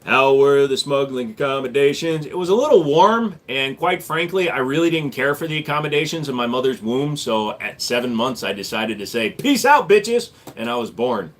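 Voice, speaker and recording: A man's voice: mid-range voice, a little fast, few pauses. A man in his forties, born in Korea, hosting a casual live stream and answering chat questions in a blunt, sarcastic way. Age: 40s. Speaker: livestream host.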